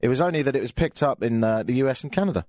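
A young English man hosts a live radio show with a casual, joking delivery. His pitch leaps up and down freely as he riffs. The sound is dry and close, with no room around it. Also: expressive, racing, darkish tone, no room sound. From England. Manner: chatty and sardonic, with frequent fillers and jokey asides. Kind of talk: casual comedic radio monologue.

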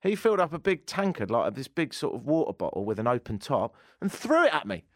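A man's voice: mid-range voice, very animated, a little fast, no room sound, studio quality. An English man hosting a talk show, telling a casual, self-mocking anecdote. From England. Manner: chatty, self-mocking storyteller. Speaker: radio talk show host.

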